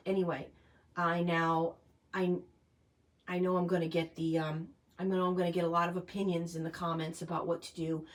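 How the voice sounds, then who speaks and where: A middle-aged woman chatting on a live stream, rambling and emotional, with many fillers and restarts. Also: lowish voice. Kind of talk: casual live-stream chat.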